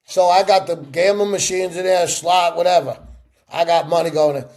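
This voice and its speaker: A middle-aged man in a sit-down interview, telling stories with lively acted-out voices. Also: fairly high pitch, moderate pace. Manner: animated storyteller acting out quoted voices. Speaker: interview guest.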